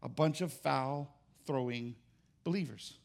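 A man's voice: mid-range voice, takes it slowly, vocal fry, darkish tone. A man pastor preaching a sermon, emphatic and jokey, with rising exclamations.

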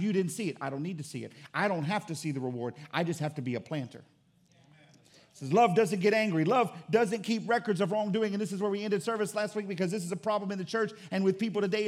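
A middle-aged man preaching a sermon as pastor, telling stories and calling on the church for an amen. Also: sits high. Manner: storytelling with call-and-response.

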